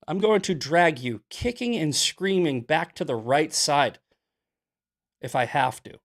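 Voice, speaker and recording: A man's voice: fairly high pitch, expressive, normal speed. A young man hosting a political livestream, arguing heatedly with his chat in a combative, ranting way. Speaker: political commentator and show host. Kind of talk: livestream commentary answering chat.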